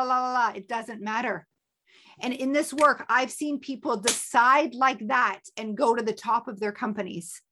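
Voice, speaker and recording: A woman hosting a motivational talk as a coach, energetic and emphatic, with playful sound effects. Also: fairly high pitch. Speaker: motivational coach and podcast host.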